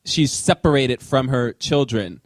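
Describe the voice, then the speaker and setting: A man's voice: medium pitch, unhurried, no echo, clean studio sound. A man co-hosting a live podcast discussion of a film, moderating, clarifying points and recapping scenes.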